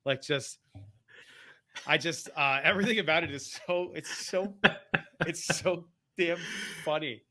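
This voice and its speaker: Man, podcast co-host, casual chat, excitable, rambling, laughing, bright tone. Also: on the high side, a little slow, long pauses.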